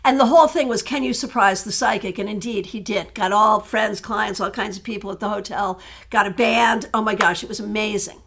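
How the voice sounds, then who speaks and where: A woman tarot reader chatting casually on a live stream, answering viewer questions in an animated way that breaks into laughter. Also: medium pitch, fairly quick, vocal fry.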